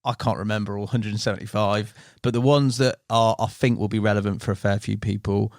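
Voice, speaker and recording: A man's voice: lowish voice, fairly even intonation, a little fast, a little mellow, no room sound, clean studio sound. A man hosting a podcast, chatting casually and bantering with his co-hosts. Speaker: podcast host. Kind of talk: casual chat.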